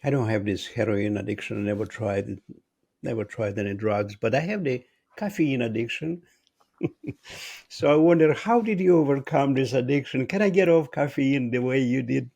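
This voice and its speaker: A male interviewer with a gravelly, husky voice. He chats casually and asks eager follow-up questions, checking he has understood. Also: medium pitch, normal speed, darkish tone. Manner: curious, asks follow-up questions, light laughs. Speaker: interview host. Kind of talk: conversational interview.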